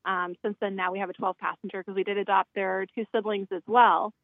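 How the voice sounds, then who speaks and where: This is a woman guest telling her story over a remote call from a closet at home. She speaks earnestly and openly at a mid pitch. Her voice arrives narrow and tinny, with no room around it. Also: level tone, brisk, gravelly, no room sound. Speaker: guest, nonprofit founder. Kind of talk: conversational interview storytelling. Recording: dry, tinny phone-like line.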